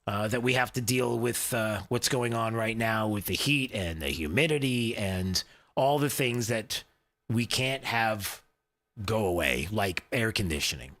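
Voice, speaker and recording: Talk radio host, male, loose rambling delivery full of uhs, forceful bright tone. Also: lowish voice, animated, a little slow. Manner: rambling, conversational, lots of fillers and restarts.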